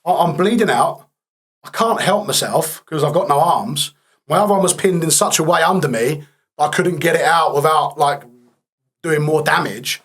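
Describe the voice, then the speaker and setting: A man as a podcast guest, telling his story candidly in a blunt, matter-of-fact way with dark humour. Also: a little high, moderate pace, breathy edge.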